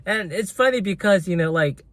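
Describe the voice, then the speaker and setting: Male livestream host, casual and chatty, eats as he talks, reads comments aloud, laughs often; slightly higher-pitched voice. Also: animated, normal speed, fairly bright tone, no echo. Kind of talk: casual livestream chat while eating.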